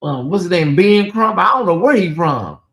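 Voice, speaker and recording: A man's voice: high-pitched, expressive, moderate pace, a bit bright. A man with a Southern US accent hosting a casual livestream, talking straight to his viewers and reading out and answering their chat. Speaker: livestream host.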